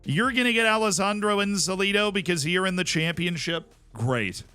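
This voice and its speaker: A man's voice: high voice, normal speed, bright, forceful tone, smooth, faint music behind. A man streaming a sports management game, chatting wryly with his viewers. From Tampa, Florida. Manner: wry, chatty, talks to chat. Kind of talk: casual game commentary.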